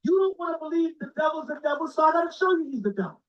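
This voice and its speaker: A man's voice: very high voice, animated, racing. A man teaching scripture in an informal, blunt and profane way, very emphatic. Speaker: religious teacher. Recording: dull lo-fi sound.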